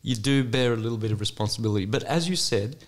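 A man's voice: mid-range voice, fast talker. A man speaking as an interview guest, emphatic and storytelling. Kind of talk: conversational interview.

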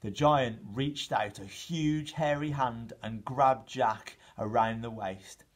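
A male teacher with an English accent reading a children's story aloud, with gentle asides to his listeners. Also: medium pitch, slow. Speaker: primary school teacher.

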